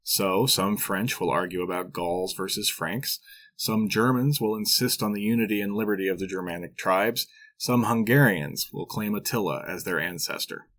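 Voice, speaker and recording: A man's voice: fairly low pitch, moderate pace, a bit bright. A man hosting a history podcast, narrating from a script with dry, wry asides. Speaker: podcast host.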